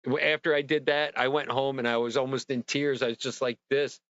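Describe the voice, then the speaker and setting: A middle-aged man hosting a livestream, telling a long, animated story in casual chat and swearing freely as he acts out his own rants. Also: medium pitch, brisk, dry recording, muffled recording. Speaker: livestream host.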